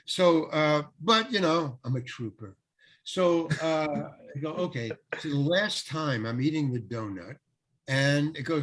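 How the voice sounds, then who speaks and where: Husky older man telling a story. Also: fairly high pitch, normal speed. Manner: animated storyteller, acts out quotes, laughs often. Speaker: guest actor. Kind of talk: storytelling in an interview.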